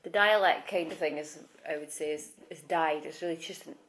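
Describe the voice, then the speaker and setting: A woman's voice: deep voice, a little fast, a bit bright. A woman in her thirties from Shetland with a Shetland accent, chatting casually in an interview and thinking aloud with many restarts. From Shetland, Scotland. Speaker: interviewee, works with children at a school. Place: at home with a small child nearby. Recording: noisy home recording.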